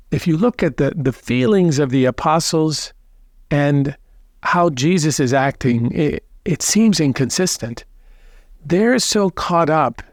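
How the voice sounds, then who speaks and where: Priest, man, gospel reflection, gentle storyteller, dry close sound. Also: a little high, no room sound. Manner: gentle, unhurried storytelling with restarts.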